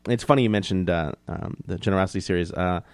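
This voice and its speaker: A man being interviewed, telling stories casually and animatedly, jumping up in pitch to act out other people. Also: fast talker, clear, resonant tone, dry recording. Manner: animated, acts out quoted voices in a higher pitch. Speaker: guest. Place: New York City.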